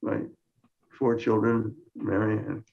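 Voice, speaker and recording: A man's voice: on the low side, little pitch movement, slow pace, gravelly. An older man from Minnesota giving a science lecture with dry, understated humor, often restarting his phrases. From Minnesota, United States. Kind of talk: conference lecture with slides. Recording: muffled lo-fi lecture recording.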